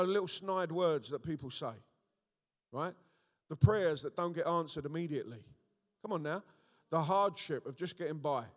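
A man preaching an animated sermon, often checking in with his listeners. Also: a little high. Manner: animated, rhetorical, frequent call-and-response checks. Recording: echoey hall with long reverb.

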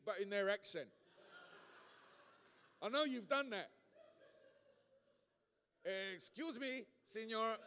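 A man preaching a sermon to a congregation, emphatic and conversational, building to loud punchy peaks and throwing asides to the room. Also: sits high. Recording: long reverb of a large hall.

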